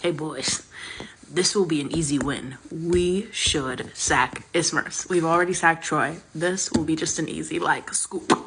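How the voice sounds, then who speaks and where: A woman's voice: sits low, measured pace, a bit bright, a little hiss or hum, low-quality recording. A woman voicing a brash male pirate captain who casually rallies his crew. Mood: cocky. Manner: cocky, offhand.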